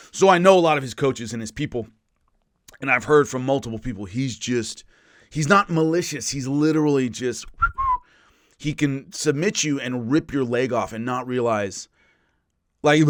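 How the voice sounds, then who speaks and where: A man, an MMA analyst, talking casually through a list with animated storytelling and quick asides. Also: mid-range voice, no room sound, clean studio sound. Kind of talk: casual spoken rundown. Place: California.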